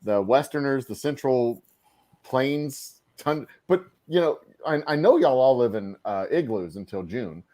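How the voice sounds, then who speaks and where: A man's voice: mid-range voice, expressive, a little slow, mellow. A man hosting a late-night casual talk stream, easygoing and teasing, laughing often. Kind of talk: casual chat.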